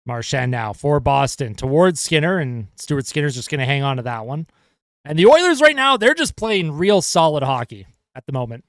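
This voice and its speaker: A man calling hockey play-by-play as a fan livestreamer, excitable and chatty with his viewers. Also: a little high, moderate pace, dry recording, studio quality. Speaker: fan commentator livestreaming a game. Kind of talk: casual play-by-play commentary.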